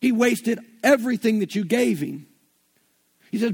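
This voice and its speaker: A man's voice: very high-pitched, animated, normal speed, creaky, long pauses, husky. A man with a Southern US accent preaching an earnest, folksy sermon and retelling scripture in everyday slang. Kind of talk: conversational sermon.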